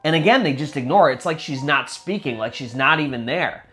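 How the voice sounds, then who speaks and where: A man's voice: a little high, expressive, a little fast, fairly bright tone. A man telling a spooky true story in a casual, conversational way, full of little fillers. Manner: conversational, many fillers like "kind of" and "sort of".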